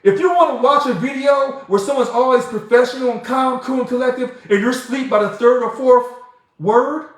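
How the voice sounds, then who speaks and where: A male livestream host answers viewer comments emphatically and heatedly in an extremely high, brisk voice. The room is very echoey.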